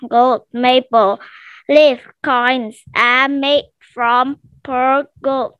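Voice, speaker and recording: A woman student shyly reading a text aloud for a test over a headset, slow and halting. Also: high voice, steady tone, a bit bright, clear, resonant tone, no room sound, highs cut off. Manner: shy, short answers, slow halting reading.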